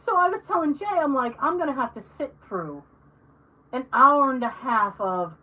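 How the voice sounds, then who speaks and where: Podcast co-host, female: animated storyteller with a high, swooping voice, recorded a bit off-mic. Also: moderate pace, slightly rough, recorded from a distance, poor audio. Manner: animated storyteller, acts out quoted people, swears. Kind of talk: casual chat.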